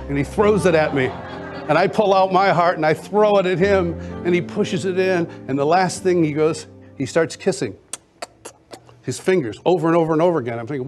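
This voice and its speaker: A man's voice: fairly high pitch, moderate pace, a little mellow, faint music behind. A man, a worship songwriter, telling an emotional personal testimony and leading a prayer. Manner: earnest storyteller, emotional, acting out quotes.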